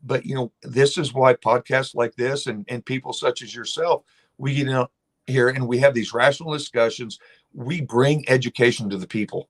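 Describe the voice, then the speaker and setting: A man's voice: medium pitch, steady tone, normal speed. A man who is a state lawmaker, speaking as a guest in an impassioned interview, emphatic and blunt as he tells stories.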